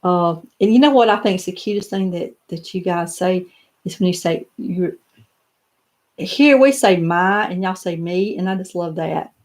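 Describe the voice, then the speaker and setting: The voice here is an older woman's, low and a little mellow, moving at a moderate pace. She's live streaming from a home office full of doll showcases, chatting casually, answering comments, and rambling with lots of fillers and restarts.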